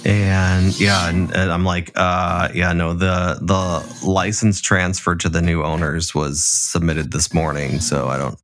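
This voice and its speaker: A man's voice: deep voice, little pitch movement, measured pace, few pauses, fairly bright tone, soft background music. A man co-hosting a casual chat podcast, laid-back, swearing freely and laughing often. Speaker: podcast co-host.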